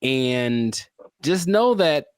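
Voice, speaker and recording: A man's voice: medium pitch, sing-song, drawn-out words, clean tone, no room sound, studio quality. A man co-hosting a podcast in casual chat, rambling and self-deprecating, laughing often at himself. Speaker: podcast co-host.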